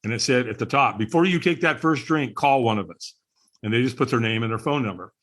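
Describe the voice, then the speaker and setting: A man's voice: mid-range voice, fairly quick, fairly bright tone. Middle-aged guy on a podcast, earnest storyteller, mid-range voice, candid and chatty. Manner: earnest, candid, chuckles between stories. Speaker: podcast guest. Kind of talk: personal storytelling in conversation.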